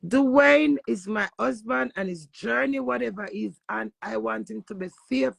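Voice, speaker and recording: Jamaican woman streamer, gravelly, dry close phone sound, brash live rant. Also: a little high, a little slow, dry recording. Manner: brash, swearing, talks back to viewers.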